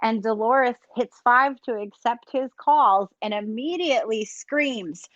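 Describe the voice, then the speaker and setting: A woman's voice: on the high side, unhurried, no echo. Emphatic woman panelist on dull, dry audio. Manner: emphatic and insistent. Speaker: podcast panelist. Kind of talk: casual chat.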